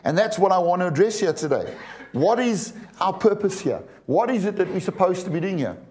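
A preacher in his forties delivers a sermon in a high, darkish-toned voice, speaking a little fast with lively intonation. He talks emphatically, stumbles over repeated words and keeps asking the congregation questions.

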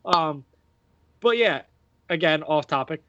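Taking it slowly, an American man hosting a podcast rambles about wrestling, his casual talk full of fillers and restarts. His fairly high, fairly bright voice has lively intonation. The recording is dry with the highs cut off.

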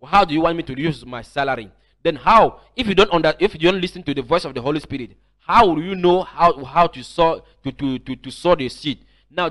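A man's voice: a little high, a bit bright. A man preaching an online teaching sermon, emphatic and often repeating or restarting his phrases.

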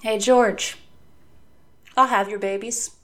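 Woman co-host, chatty book-discussion voice, lively, quick to laugh, mid pitch. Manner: animated, laughs often, acts out book characters' lines. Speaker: podcast co-host.

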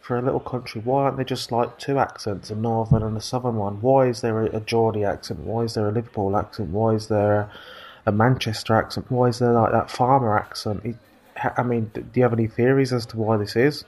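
A man's voice: lowish voice, fairly even intonation, quick pace, a little mellow. Podcast guy asking loads of questions, curious, casual. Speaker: podcast co-host. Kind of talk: casual chat.

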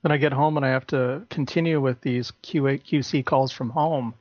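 A man's voice: mid-range voice, steady tone, normal speed, darkish tone, no echo. A man making prank calls, acting as a stern, bossy fake manager. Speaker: prank caller. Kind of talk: prank phone call banter. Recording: dry dull lo-fi tape.

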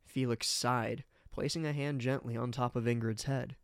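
Casting: male storybook narrator, steady, mid-pitched, dry close sound. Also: normal speed, clear, resonant tone, no room sound. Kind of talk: reading fan fiction aloud.

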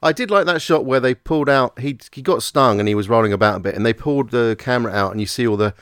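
A man's voice: mid-range voice, fast, a bit bright, smooth, dry recording, studio quality. A man co-hosting a casual movie podcast, rambling with stammered restarts. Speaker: podcast co-host.

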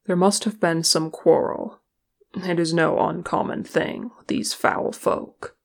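Woman reading a solemn man in charge, slow and low, a little gravelly. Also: steady tone, heavily acted. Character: grave male ranger leader, stern.

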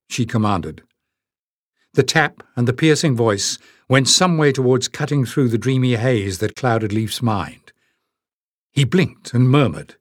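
A man narrating a fantasy audiobook in a steady, expressive storytelling manner. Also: medium pitch, dry recording, studio quality. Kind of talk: scripted narration.

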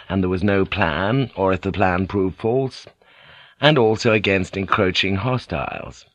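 A man reading an audiobook in a steady, measured narration. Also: fairly low pitch, no room sound, highs cut off. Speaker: audiobook reader. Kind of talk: scripted narration.

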